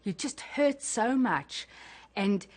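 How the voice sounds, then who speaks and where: A woman's voice: a little high, expressive, slow pace. A mother being interviewed, speaking in an emotional, heartfelt way. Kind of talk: interview reminiscence.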